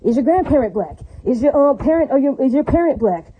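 A woman's voice: sits high, sing-song, breathy edge, narrow, tinny audio. A woman delivering a rambling, heated monologue. She swears freely, repeats herself, asks the listener questions and keeps adding "right?" and "all right, now". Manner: rapid, heated, profane, with constant "right?" and "all right, now" tags.

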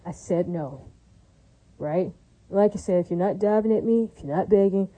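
A woman's voice: mid-range voice, moderate pace, dark tone, slightly rough, rough recording. A woman vlogging in a casual, rambling monologue, blunt and crude, with many fillers, who keeps asking her listeners "right?". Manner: chatty, keeps asking "right?" and "does that make sense?".

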